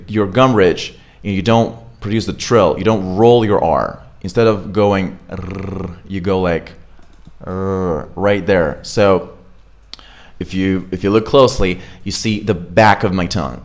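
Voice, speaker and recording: A man coaching English pronunciation in a casual, chatty way, full of fillers and check-ins, filmed on camera. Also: on the low side. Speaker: accent coach. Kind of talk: pronunciation lesson. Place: home studio with camera.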